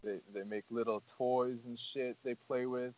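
A man's voice: mid-range voice, flat delivery, moderate pace, darkish tone. A man hosting a casual podcast, talking earnestly in a rambling way with lots of "like" and "you know". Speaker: podcast host. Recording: dull lo-fi audio.

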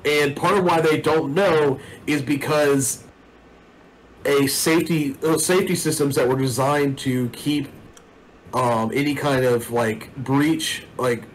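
A man's voice: mid-range voice, steady tone, a little slow, a little hiss or hum, rough recording. A man narrating a tabletop role-playing game as game master, in a casual, rambling way with many fillers.

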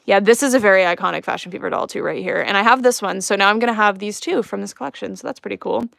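A young woman talks casually on a home live stream, rambling through her thoughts with frequent fillers and easy giggles. Her voice sits at a middle pitch for a woman. The sound is dry and close, with little room in it. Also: fast talker, gravelly, a bit bright, no echo. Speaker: doll collector livestreaming an unboxing.

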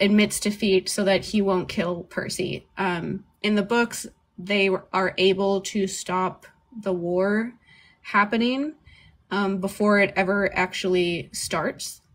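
A woman's voice: medium pitch, fairly bright tone. Podcast co-host, woman, loose rambling delivery, frequent laughs, casual swearing.

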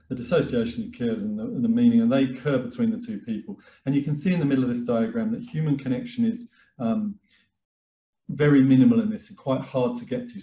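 A man giving a webinar talk as a therapist, speaking calmly and reflectively with frequent fillers and restarts. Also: mid-range voice. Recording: echoey room.

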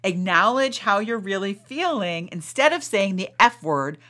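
A woman who hosts a podcast, guiding a slow, soothing meditation and then coaching her listeners with emphatic encouragement. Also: medium pitch, animated, bright, forceful tone. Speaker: podcast host and life coach. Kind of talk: guided meditation and coaching talk.

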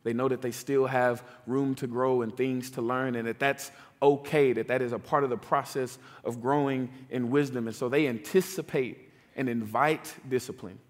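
A man's voice: medium pitch, steady tone, moderate pace. A man preaching a sermon in a conversational way, often checking in with "right?" and "like". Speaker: pastor. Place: church sanctuary. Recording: long church hall reverb.

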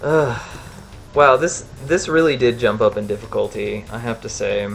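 A man streaming a game playthrough comments casually, often breaking into exasperated swearing when things go wrong. His mid-range voice has vocal fry, and his pace is moderate. Game music and sounds play behind him.

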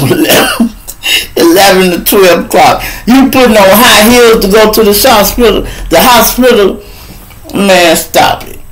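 On a live street show, a male host tells a profane story packed with heavy slang, veering between loud outbursts and quiet asides. The recording is rough.

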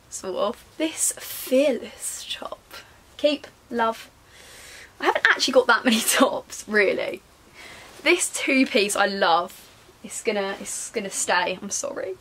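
A young woman with a slightly high voice talks casually as a lifestyle vlogger. She rambles and laughs at herself. She moves between bright, loud remarks and soft whispered asides. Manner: rambling, self-mocking, giggly, talking to herself. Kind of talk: casual chatty voice-over.

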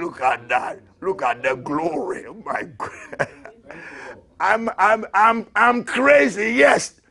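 A man preaching a fiery sermon as an apostle, who shouts, repeats his lines and laughs between them. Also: sits high, lively intonation, slow, vocal fry, breathy edge.

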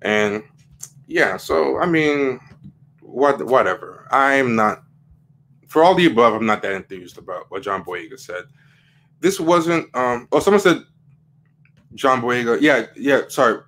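A man's voice: mid-range voice, expressive, a little slow, long pauses, fairly bright tone. Rambling man hosting a livestream. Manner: rambling, repeats words, many fillers, rising emphatic questions. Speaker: livestream host. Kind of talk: casual opinion commentary.

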